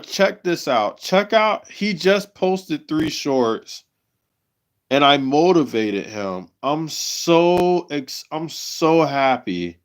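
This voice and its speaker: A man hosting his own livestream, talking emotionally in halting, repeated phrases. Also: mid-range voice. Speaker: livestream host.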